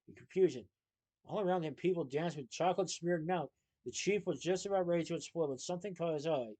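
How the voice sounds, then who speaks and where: A man reading a children's book aloud as storyteller, in a lively, expressive way. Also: fairly high pitch.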